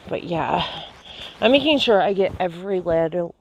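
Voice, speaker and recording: Here a woman records a casual walking vlog on a nature trail with a handheld camera, talking breathlessly with lots of fillers and awe. Her fairly low voice is animated at a moderate pace, and the outdoor sound is noisy.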